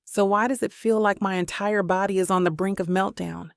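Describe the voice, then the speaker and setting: A woman reading a romance audiobook as a steady first-person narrator. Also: mid-range voice, brisk, creaky, smooth, dry recording, clean studio sound.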